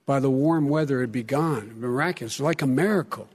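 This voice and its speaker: A man in his seventies in a heated live debate, earnest and pointed, with frequent halting restarts. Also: medium pitch, a little mellow, husky. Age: 70s. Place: debate stage in a hall.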